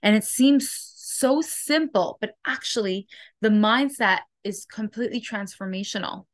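A woman giving an inspirational religious lesson as a program host, earnest and emphatic, asking rhetorical questions in quick bursts. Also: medium pitch, no echo.

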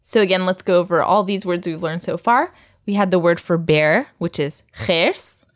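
A woman's voice: fairly low pitch, normal speed. A woman teaching a recorded language lesson, patiently drilling words and laughing often.

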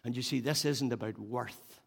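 A man's voice: medium pitch, moderate pace, gravelly, slightly rough. Older guy preaching, keeps repeating lines for punch. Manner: animated, repeats phrases for emphasis. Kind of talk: sermon.

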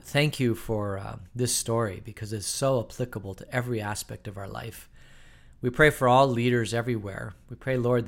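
A man's voice: lowish voice, creaky, a bit bright. A man leading a Bible study who reads scripture, teaches informally with frequent ums, and closes in prayer. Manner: informal, hesitant, many ums.

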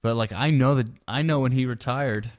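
A man co-hosting a podcast in casual chat, rambling and hesitant, often pausing and restarting. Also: mid-range voice, dry recording, studio quality. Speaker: podcast co-host.

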